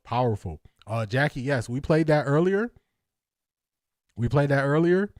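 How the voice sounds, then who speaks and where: In a medium-pitched, somewhat mellow voice, an Ohio sports talk livestream host reads chat and jokes with viewers. He laughs often and repeats lines for effect, with studio-quality audio and no room sound.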